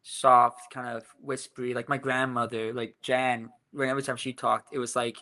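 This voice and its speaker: A brewery co-founder from England appears as a guest on a podcast for a casual interview, rambling with plenty of "you know" and "like," along with fillers and restarts. His mid-range voice has a level tone and a moderate pace, sounding pushed and bright.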